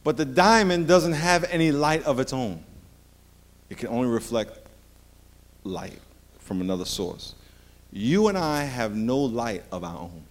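A man's voice: medium pitch, lively intonation, unhurried, long pauses. A middle-aged man preaching a sermon as pastor, a playful storyteller who jokes with the congregation.

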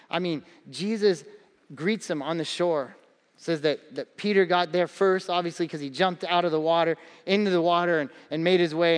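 A pastor in his thirties gives a sermon full of playful humor, slipping into acted-out character voices as he tells stories. His smooth voice is slightly high for a man, and a long reverb from a large church hall surrounds it.

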